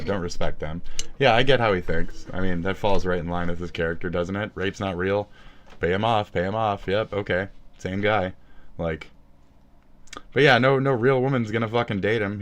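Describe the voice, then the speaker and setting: A man's voice: deep voice, fairly quick. A man giving rambling, sarcastic commentary about another streamer, cursing constantly and recording himself on his phone. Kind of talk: profane ranting commentary.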